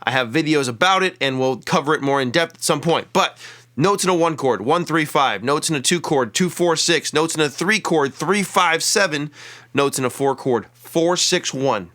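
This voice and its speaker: A man teaching a casual guitar lesson, upbeat and explaining step by step with quick asides. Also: a little high, bright, forceful tone.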